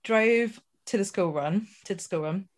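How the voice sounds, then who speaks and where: A woman's voice: medium pitch, a little slow. A woman hosting a podcast, telling a rambling anecdote in casual chat with fillers and asides. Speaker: podcast host.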